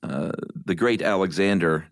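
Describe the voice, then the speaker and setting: Low-voiced guy cohosting a podcast, easygoing, pokes fun at himself, lots of uhs, dry close mic. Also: moderate pace, vocal fry, no echo. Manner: laid-back, self-mocking storyteller with many uhs. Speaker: podcast co-host. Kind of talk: casual chat.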